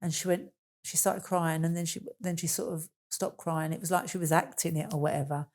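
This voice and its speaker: Gravelly low-voiced woman. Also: steady tone, a little fast, darkish tone. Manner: chatty, rambling, laughs easily. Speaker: interview guest. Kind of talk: casual storytelling chat.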